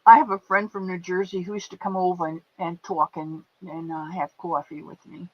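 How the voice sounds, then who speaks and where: A woman's voice: fairly low pitch, little pitch movement, normal speed. A woman hosting a casual livestream, greeting viewers by name with affectionate pet names as she reads their comments. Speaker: livestream host. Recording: dull lo-fi stream audio.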